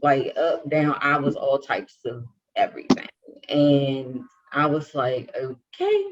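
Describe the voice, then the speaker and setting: A young adult woman co-hosting a podcast tells a personal story in casual chat, acting out the dialogue with animation. Her voice is rumbling and low, with fairly even intonation, and she takes it slowly. The lo-fi sound is dull, with a noisy background.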